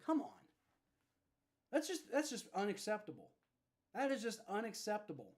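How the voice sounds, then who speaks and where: A young man hosting a live fan reaction stream with play-by-play, frustrated and swearing, dropping to low mutters and rising to shouts. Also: huge pitch swings, moderate pace. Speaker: livestream reaction host.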